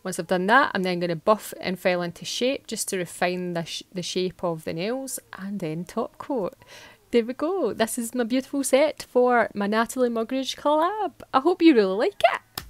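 A woman's voice: fairly high pitch, animated, normal speed, no echo. Giggly Scottish woman vlogger. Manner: chatty, giggly, self-deprecating. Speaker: nail art vlogger. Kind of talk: casual tutorial narration.

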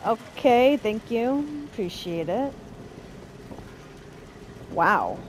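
A woman's voice: fairly high pitch, sing-song, extremely slow, slight background noise, poor audio. A woman casually commenting on a game she is playing, with amused playful reactions. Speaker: gameplay streamer.

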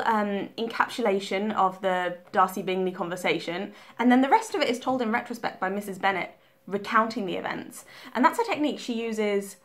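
A young woman talking casually about her reading, chatty and full of ums and restarts. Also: medium pitch. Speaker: book vlogger.

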